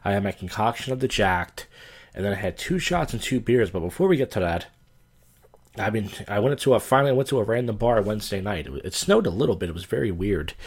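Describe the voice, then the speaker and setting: A man's voice: lowish voice, lively intonation, quick pace, husky. Drunk man rambling on his podcast. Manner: slurred, loose, crude, wandering storytelling. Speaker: podcast host, comedian. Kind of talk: rambling casual podcast monologue.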